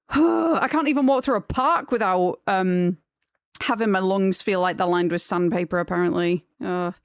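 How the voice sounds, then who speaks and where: A woman's voice: mid-range voice, a little slow, clean tone, no echo. Chatty woman streamer, dry close sound. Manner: chatty and rambling, gushing when excited. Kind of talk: casual live-stream chat.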